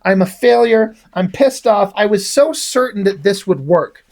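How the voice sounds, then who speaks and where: A man's voice: high-pitched, normal speed. A man voicing an anxious, self-pitying woman scientist from a comic, in a flustered, stammering way.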